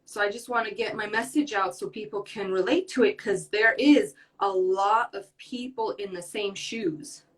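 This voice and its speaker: A woman's voice: medium pitch, animated, moderate pace, hardly any pauses, a bit bright. Earnest woman in her twenties, distant mic. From United States. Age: 20s. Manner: earnest, rambling, many fillers. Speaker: podcast guest. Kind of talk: casual interview talk. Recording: voice from far off the mic.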